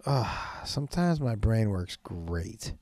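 A man's voice: lowish voice, big pitch swings, slow pace, darkish tone, no echo. Rambling, profane podcast host man. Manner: rambling, profane, self-mocking with bursts of laughter. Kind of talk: casual late-night podcast rambling.

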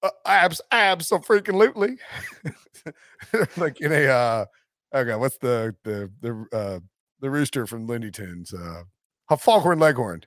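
A man's voice: medium pitch, expressive, a little slow, no echo, studio quality. A man hosting a sports podcast, chatting casually, joking and laughing often. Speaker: podcast host.

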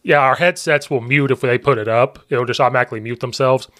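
A man from Central Illinois with a Midwestern accent, hosting a podcast in a casual, chatty way, full of restarts and quick laughs. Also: mid-range voice, steady tone, fairly bright tone, no room sound, clean studio sound. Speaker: podcast host and football coach.

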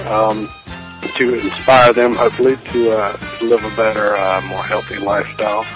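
A man with a South Georgia accent leaving a halting voicemail for a podcast, full of fillers. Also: fairly low pitch, level tone, highs cut off, music in the background. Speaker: listener calling in. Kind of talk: recorded voicemail.

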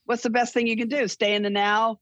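An older woman being interviewed as a guest, telling long rambling stories full of restarts and animated retellings. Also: a little high, fairly quick, no room sound. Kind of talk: casual interview storytelling. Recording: dull lo-fi sound.

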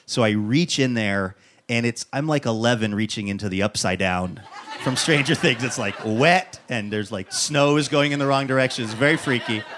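A man hosting a talk show, telling a comic story in a lively way and acting out what people said. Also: mid-range voice. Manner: animated storyteller who acts out quotes. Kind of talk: comic monologue and interview.

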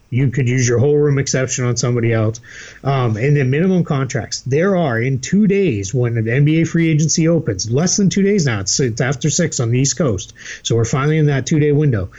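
A man with a faint Boston accent, co-hosting a podcast in casual, animated chat. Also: mid-range voice, dull audio. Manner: animated, laughs easily. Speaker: podcast co-host.

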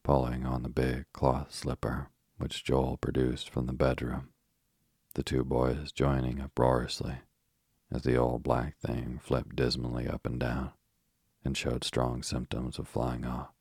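Male sleep story narrator, slow soothing reading, husky, gravelly. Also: extremely low pitch, monotone, darkish tone, no echo, clean studio sound.

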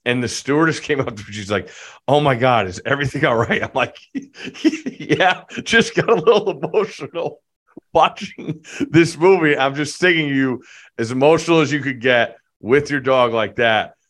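A man's voice: mid-range voice, moderate pace, fairly bright tone. Friendly man in casual chat. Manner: friendly, checking in on his friend. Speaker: podcast co-host.

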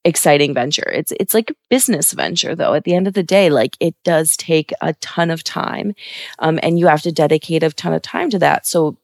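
Low-pitched woman, company rep, upbeat and unhurried, dry mic. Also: dry recording. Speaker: company representative. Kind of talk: casual interview talk.

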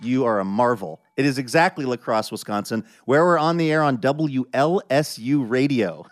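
A man's voice: mid-range voice, lively intonation, moderate pace. A man hosting a public radio show, bantering with his announcer and reading ads. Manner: upbeat, bantering.

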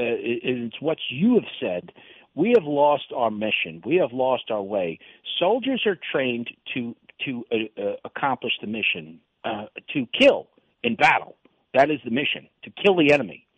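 A man calling in to a radio show, speaking earnestly and haltingly with many restarts. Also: mid-range voice, sing-song, no echo. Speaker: caller. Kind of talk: phone-in radio call. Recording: tinny phone line.

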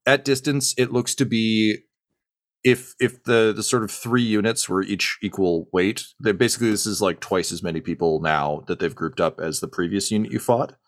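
A man narrating as game master, halting with many fillers. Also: fairly low pitch, no room sound, studio quality.

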